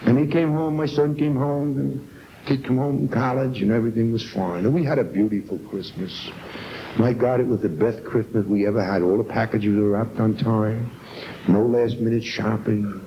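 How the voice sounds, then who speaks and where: A man's voice: mid-range voice, steady tone, normal speed. A middle-aged man from New York giving an earnest, emotional personal testimony at a recovery meeting, on an old 1970s tape. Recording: dull lo-fi 1970s tape with faint hiss.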